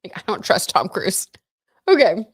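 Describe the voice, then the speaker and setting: A woman's voice: mid-range voice, sing-song, normal speed, husky, no room sound, studio quality. A young woman hosting a casual livestream, chatting about tarot and celebrity gossip with lots of "like" and "you know.".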